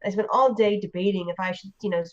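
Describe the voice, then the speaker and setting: A woman from the United States telling a story in a casual, animated way, full of fillers and restarts. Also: mid-range voice, quick pace, highs cut off. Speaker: interview guest.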